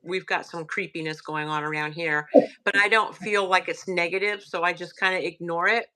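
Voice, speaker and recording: Southern woman, bright forward tone, halting hushed storyteller, lots of fillers. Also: lowish voice, fairly even intonation. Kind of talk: casual storytelling.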